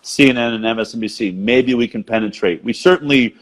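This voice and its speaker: A man's voice: medium pitch, brisk. A middle-aged American man with an American accent, earnestly making his case in a rousing conversational monologue on a video call. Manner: earnest, rousing, repeats words when excited. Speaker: show host being interviewed.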